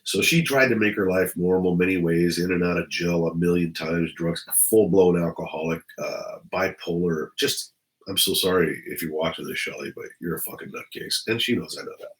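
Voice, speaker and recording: Blunt, profane deep-voiced middle-aged man. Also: moderate pace, poor audio. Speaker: retired police officer vlogger. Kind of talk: casual rambling monologue.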